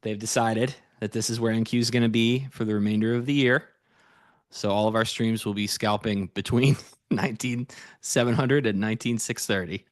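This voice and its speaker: A man's voice: fairly low pitch, fairly even intonation, normal speed, dry recording, studio quality. A man co-hosting a live futures trading stream, chatting easily and laughing often. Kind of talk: casual live-stream banter.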